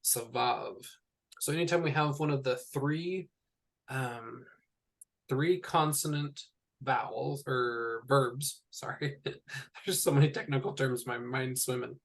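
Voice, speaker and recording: A man teaching a one-on-one language lesson, patiently explaining sounds and repeating each word slowly. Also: mid-range voice, steady tone. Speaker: Hebrew teacher. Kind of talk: tutoring session.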